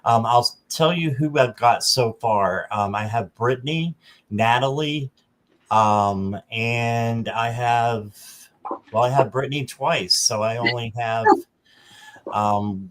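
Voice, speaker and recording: A man's voice: medium pitch, fairly bright tone. A man hosting a live stream, responding to his guest and calling out viewers' questions from the chat. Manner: encouraging listener, reads viewer names off the chat. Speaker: channel host.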